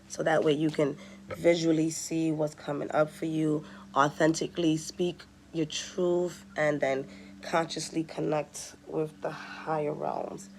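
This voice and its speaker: A woman's voice: low voice, little pitch movement, measured pace, darkish tone, slight background noise. A woman giving a casual tarot reading, chatty and direct, talking straight to her viewers. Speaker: tarot reader.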